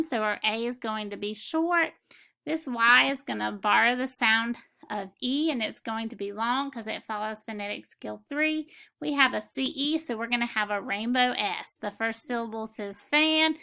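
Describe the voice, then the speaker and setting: A woman leads a phonics reading lesson and takes each word apart syllable by syllable. Her voice is bright and smooth with some gravel in it. She talks slowly and deliberately. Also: a little high. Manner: slow, clear, methodical word-by-word decoding. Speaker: teacher.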